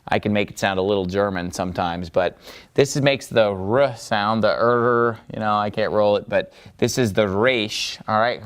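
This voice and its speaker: A man with a medium-pitched, clean voice teaches Biblical Hebrew step by step at a board, patiently checking in with his students through "okay?" and "all right?"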